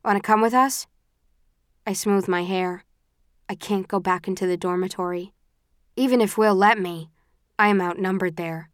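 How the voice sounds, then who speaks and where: A woman reading a first-person audiobook in a measured, even storytelling manner. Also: lowish voice, clear, resonant tone, dry recording, studio quality. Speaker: audiobook narrator. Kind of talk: scripted first-person narration.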